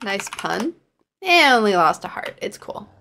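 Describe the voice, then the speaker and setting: Slow-talking woman narrating her gameplay. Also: mid-range voice, big pitch swings, gravelly, sharp tone, slight background noise. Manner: exasperated, self-mocking running commentary. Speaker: gaming channel host. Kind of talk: live gameplay commentary.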